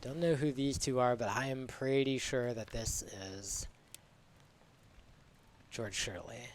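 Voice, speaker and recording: A man streaming a game live, musing aloud in a relaxed, unhurried way as he works things out. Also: medium pitch, a little hiss or hum.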